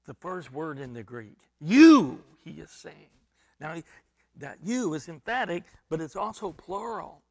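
A man preaching an expository sermon, emphatic and repeating himself, dropping at times to a hushed near-whisper. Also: on the high side, moderate pace, vocal fry. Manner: repeats and restarts words while reaching for a point.

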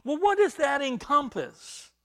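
A man preaching an expository sermon, emphatic and repeating himself, dropping at times to a hushed near-whisper. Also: extremely high pitch, sing-song, unhurried, gravelly. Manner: repeats and restarts words while reaching for a point.

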